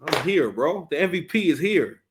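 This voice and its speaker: A man's voice: a little high, sing-song, moderate pace, noisy background. A man hosting his own vlog in casual chat, hyped and repeating himself, with stammering restarts. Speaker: channel host.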